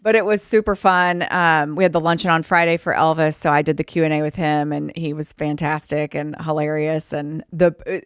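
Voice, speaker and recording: A woman with a low voice co-hosts a podcast, chatting casually and briskly, with hardly any pauses, about her work in sports broadcasting. The studio-quality recording is clean with no echo, and she gets animated when quoting people.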